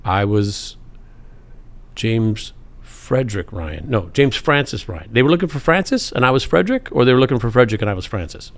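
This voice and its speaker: Middle-aged guy telling funny stories about himself on a podcast, bit of gravel in his voice. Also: mid-range voice, lively intonation, a little fast. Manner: self-deprecating storyteller, acts out other voices. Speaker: guest. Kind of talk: telling anecdotes.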